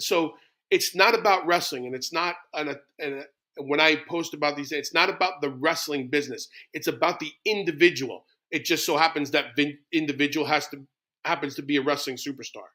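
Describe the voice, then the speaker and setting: Emphatic man, bright voice. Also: fairly high pitch. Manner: emphatic, passionate, blunt. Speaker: guest, former wrestler. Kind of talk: casual interview talk.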